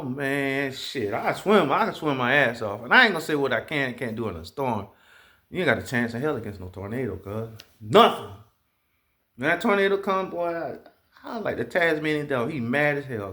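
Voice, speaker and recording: A man telling stories in a casual monologue, profane and animated, imitating the sounds he describes. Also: medium pitch. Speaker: vlogger.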